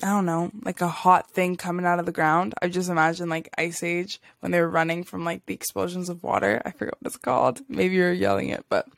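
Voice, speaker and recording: A woman's voice: fairly low pitch, brisk, creaky, hardly any pauses, dry recording, studio quality. A woman hosting a podcast, telling a spiritual story in a casual, rambling way, full of fillers and little laughs. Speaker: podcast host.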